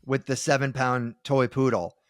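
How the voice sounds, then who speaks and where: A man co-hosting a podcast, reacting with quick questions in a casual chat. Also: medium pitch, little pitch movement, no echo, clean studio sound. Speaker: podcast co-host, comedian.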